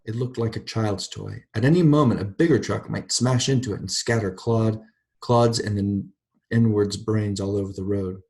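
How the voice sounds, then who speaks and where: A man with a fairly low voice teaches a university literature class. He reads passages aloud, then stops to unpack them in a thoughtful, wandering way. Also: normal speed, darkish tone. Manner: thoughtful, digressive explanation. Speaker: literature lecturer.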